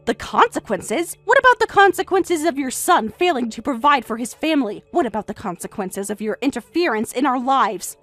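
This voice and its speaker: Woman voicing a shrill, defensive middle-aged mother. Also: sing-song, a little fast, few pauses, a bit bright, faint music behind, heavily acted. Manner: shrill, insistent, raised voice.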